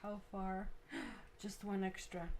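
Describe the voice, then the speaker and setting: A woman's voice: mid-range voice, little pitch movement, slow, darkish tone, slight background noise. A woman hosting a live tarot stream, chatting casually with viewers and thinking aloud while she works.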